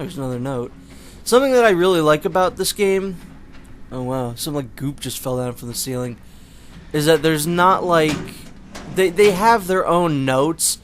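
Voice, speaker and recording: A man's voice: a little high, a little hiss or hum. A young man casually commenting on a video game while playing, chatty and rambling with plenty of filler words. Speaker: gameplay commentator. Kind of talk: casual let's play commentary.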